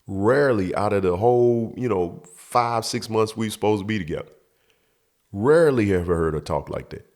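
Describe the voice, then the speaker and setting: Profane man telling a story, lively pitch. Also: normal speed. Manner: profane, emphatic, acts out the scene. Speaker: show host. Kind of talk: storytelling monologue.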